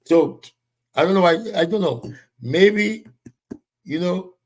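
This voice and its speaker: A man's voice: sits high, slow pace. A man hosting a live political commentary show, talking in a heated, emphatic way and greeting viewers by name.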